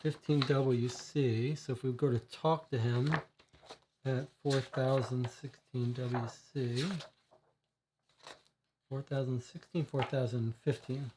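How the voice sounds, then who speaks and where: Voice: medium pitch, steady tone, slow pace, background noise. A livestreamer playing a co-op detective board game, thinking aloud with many fillers and reading the case text. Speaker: board game player and streamer.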